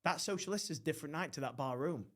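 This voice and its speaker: A man's voice: fairly high pitch, fast. A young man hosting a podcast, telling rowdy stories in casual chat with lots of swearing and mimicked voices. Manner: swearing, animated, mimics others. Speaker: podcast host.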